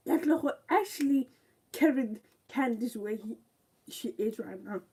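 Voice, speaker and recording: Young woman ranting about a tv show, high voice but mellow, slow and exasperated. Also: lively intonation, breathy edge. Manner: indignant, exasperated, repeats rhetorical questions. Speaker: TV show reviewer. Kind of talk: live review rant.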